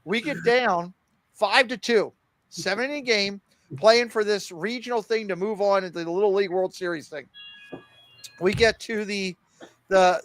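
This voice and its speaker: A middle-aged man co-hosting a podcast, telling a long story in a lively, laughing way and acting out the lines people said. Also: high-pitched, no echo. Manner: animated, laughing storyteller who acts out quoted lines. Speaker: podcast co-host. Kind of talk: casual storytelling chat.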